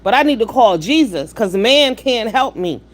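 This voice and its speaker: A woman's voice: fairly high pitch, expressive, moderate pace. Blunt, profane woman in her fifties. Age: 50s. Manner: blunt, profane and preachy, with rhetorical questions. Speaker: livestream host. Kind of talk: live-stream commentary with chat shout-outs.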